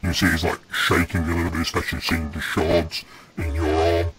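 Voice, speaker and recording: A man's voice: low-pitched, completely flat delivery, fairly quick, a loud crowd, rough recording. A man narrating a tabletop game as game master, describing the scene evenly and unhurriedly.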